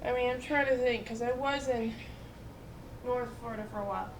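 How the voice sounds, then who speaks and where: A woman in her twenties chatting casually, telling lively stories full of fillers and quoted voices. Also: on the high side, brisk, roomy sound, background noise. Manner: animated storytelling with many fillers and quoted voices. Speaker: storyteller in casual chat. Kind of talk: casual chat.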